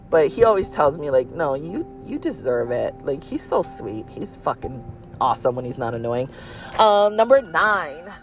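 A woman with a Hawaii Pidgin-tinged accent, hosting a casual solo podcast in a chatty, candid way with frequent swearing. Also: sits low. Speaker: podcast host.

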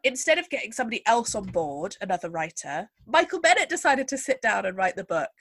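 A woman's voice: mid-range voice, big pitch swings, quick pace, fairly bright tone, no room sound. Woman, podcast host, wry storyteller, dry close recording. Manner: chatty, wry storyteller with asides. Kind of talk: casual chat.

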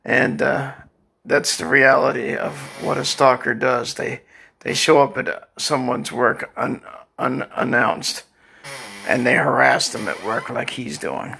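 An older man rambling crudely in a casual vlog monologue, with a dry cough and frequent shout-outs. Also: medium pitch, takes it slowly, vocal fry. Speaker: social media vlogger.

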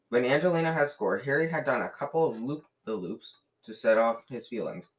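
A man reading a novel aloud in a lively way, often slipping and restarting words. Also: mid-range voice, fairly quick, few pauses, low-quality recording. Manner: lively, with frequent slips and restarts. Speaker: reader.

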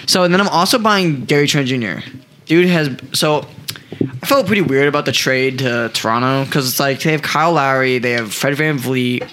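A man's voice: mid-range voice, normal speed, pushed and bright, a little hiss or hum. A young man hosting a casual sports podcast, enthusiastic and hyping up players he likes. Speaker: podcast host.

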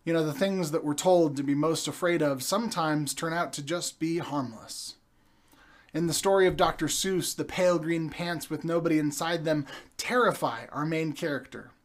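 Male preacher, young adult, slightly high voice, storytelling sermon with dramatic pauses.

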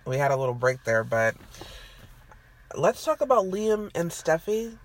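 A woman's voice: deep voice, a little slow. Exasperated woman recapping soap drama. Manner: animated, exasperated ranting. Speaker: podcast co-host. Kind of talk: casual soap opera recap chat.

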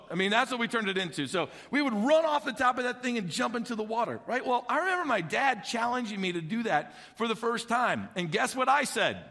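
A middle-aged male pastor preaching, his voice high and bright as he tells stories with animated energy. He acts out childhood voices along the way. The sound carries a long echo, as in a large church hall. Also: gravelly. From Illinois. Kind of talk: sermon.

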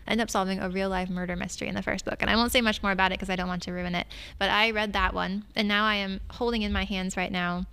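A woman's voice: mid-range voice, a bit bright, clean tone. Chatty woman librarian talking books. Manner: chatty, enthusiastic, self-mocking. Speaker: librarian and podcast host. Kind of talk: casual chat about books.

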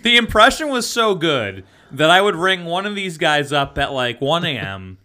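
Podcast regular, male, animated storyteller with a forceful, slightly high voice. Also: moderate pace. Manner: laughing, animated storyteller who mimics voices. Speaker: podcast co-host and former teacher. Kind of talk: casual storytelling chat.

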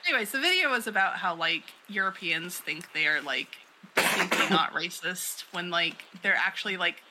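A woman's voice: fairly low pitch, animated, moderate pace, noisy background. A woman co-hosting a podcast in casual chat, rambling and laughing often. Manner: chatty, rambling, with frequent "like" and laughs.

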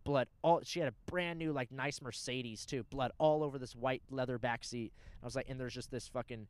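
A man's voice: mid-range voice, normal speed, no echo. A young man telling rambling, profane stories in casual chat. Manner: animated, profane storyteller.

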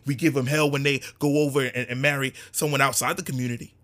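A man's voice: medium pitch, little pitch movement, fast talker, fairly bright tone. A man giving an impassioned monologue to his community, fervent and repetitive, swinging between raised emphasis and near-whispers. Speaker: speaker addressing his community.

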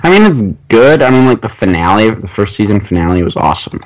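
A man's voice: lowish voice, animated, quick pace, rough recording. A man co-hosting a podcast, chatting playfully and laughing often. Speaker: podcast co-host. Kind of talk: casual chat.

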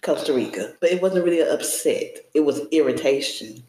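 A woman co-hosting a casual podcast chat, playful and quick to joke. Her voice leaps up and down as she tells stories. The sound rings with a roomy echo. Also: deep voice. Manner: playful, joking, animated storytelling. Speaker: podcast co-host.

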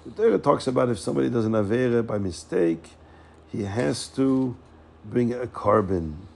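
A man telling a Hasidic story with animated delivery, repeating words and acting out the characters' lines. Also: medium pitch, normal speed, gravelly.

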